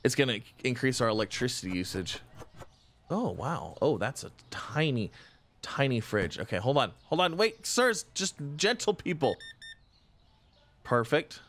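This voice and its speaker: Excitable man with a lively voice. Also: mid-range voice, unhurried, a little hiss or hum. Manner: excitable, chatty, thinks aloud, frequent exclamations. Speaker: gaming channel host. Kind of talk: casual let's-play commentary.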